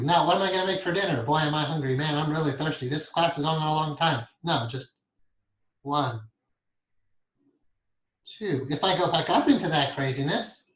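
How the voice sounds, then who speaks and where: Male meditation teacher, calm and soft, chuckles often, slightly high voice, roomy echo. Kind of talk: guided meditation lesson. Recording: echoey room.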